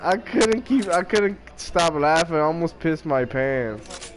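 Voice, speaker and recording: A man's voice: a little high, animated, unhurried, noisy background. A young man with a Massachusetts accent chatting casually while gaming, joking and often stammering over his words. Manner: joking, laughing, stammering restarts. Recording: loud music behind voice.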